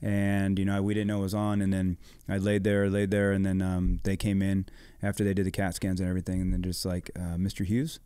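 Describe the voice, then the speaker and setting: A man's voice: low-pitched, monotone, fairly quick, few pauses, dark tone, smooth, dry recording. A middle-aged man telling a story in casual podcast chat, laid-back and swearing freely. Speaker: podcast guest, former motocross racer.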